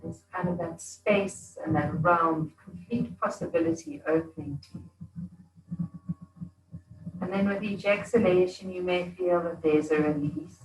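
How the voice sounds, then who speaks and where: A woman yoga teacher giving slow, soothing breathing instructions during an evening class. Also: fairly low pitch, far from the mic. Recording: echoey room.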